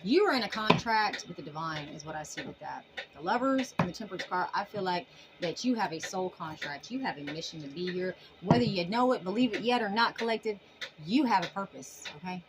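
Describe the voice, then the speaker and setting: A woman giving a casual tarot reading to her viewers in an animated, emphatic way, often laughing. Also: fairly low pitch, fairly quick, very noisy. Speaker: tarot reader.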